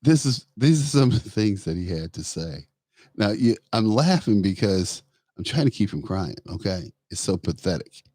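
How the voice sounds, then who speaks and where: A man's voice: on the low side, normal speed, no room sound, studio quality. A man hosting his own political talk show, speaking bluntly and animatedly and laughing as he goes. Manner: animated, laughs while talking, blunt asides. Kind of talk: solo political commentary.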